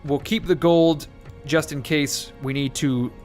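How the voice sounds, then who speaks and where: A man's voice: fairly high pitch, fairly even intonation, measured pace, darkish tone, faint music behind. A man giving casual gameplay commentary, rambling and self-correcting with occasional jokes and swearing. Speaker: let's play host.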